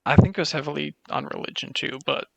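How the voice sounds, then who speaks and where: A man's voice: a little high, fairly even intonation, fast, creaky, no echo. A young man in casual chat, reading out facts and swearing casually. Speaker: podcast co-host.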